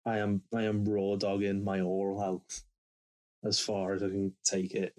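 A man's voice: sits low, completely flat delivery, normal speed, darkish tone. A man chatting as a podcast guest, rambling and swearing with lots of restarts, on a headphone mic. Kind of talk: casual banter. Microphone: headphone microphone.

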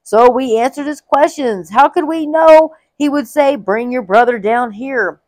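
A woman's voice: sits high, a little slow, darkish tone, no room sound, pitched above the performer's own voice, poor audio. A woman voicing a group of frightened grown brothers who speak anxiously and explain themselves, as she reads a Bible story aloud.

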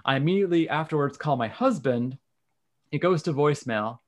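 A man's voice: on the high side, lively intonation, fairly quick. A man, candidly telling a personal story in casual conversation. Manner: candid, frank, occasional swearing. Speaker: guest.

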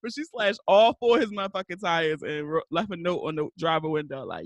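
A woman's voice: on the low side, lively intonation, a little fast, no room sound. A woman from Baltimore hosting a podcast, telling a story in casual chat and laughing her way through it. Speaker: podcast host.

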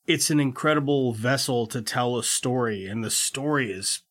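A man's voice: medium pitch, normal speed, fairly bright tone. A man co-hosting a podcast, enthusiastic and swearing casually as he reviews a film. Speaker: podcast co-host.

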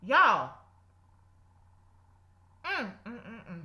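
A woman's voice: mid-range voice, moderate pace, bright, forceful tone, reverberant. A woman preaching informally to her listeners, fervent and repetitive, breaking into laughs and exclamations. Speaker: podcast host and Bible teacher.

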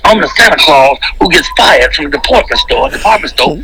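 A middle-aged man, a comedian and interview guest, giving an exuberant, preachy testimony in quick bursts. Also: fairly high pitch, lively intonation, vocal fry, pushed and bright, slight background noise, poor audio.

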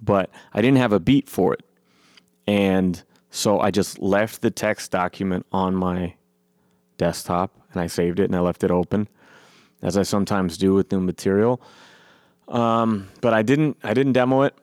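Man, punk musician, casual profane rant, mocking quoted voices, low voice, dry close sound. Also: normal speed, no room sound. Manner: profane, animated, mocks others in quoted voices. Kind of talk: casual monologue.

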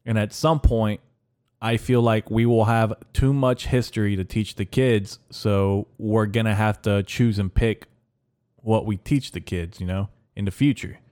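A man hosting a podcast in a rambling, deadpan comedic monologue, halting with fillers. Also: on the low side. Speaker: podcast host.

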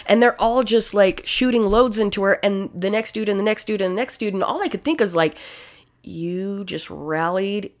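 A woman's voice: mid-range voice, moderate pace. A young adult woman in casual, crude chat, telling blunt, profane stories and laughing often.

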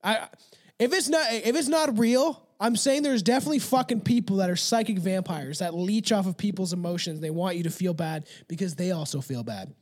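A man with a notably high voice hosts a casual podcast. He reads long passages aloud, trips over the harder words, then drops back into loose, profane chat with his co-host. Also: brisk.

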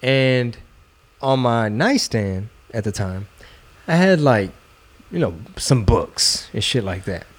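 A man's voice: mid-range voice, expressive, slow pace. A man hosting a podcast, talking in a loose, profane, joking way. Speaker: podcast host. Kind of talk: casual podcast chat.

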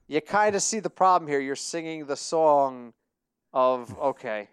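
Guy cohosting a sports podcast, kinda high voice, super animated, dry close mic. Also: a little slow, clear, resonant tone, dry recording. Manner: animated, storytelling, laughs at own jokes. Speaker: podcast co-host. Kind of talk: casual sports podcast chat.

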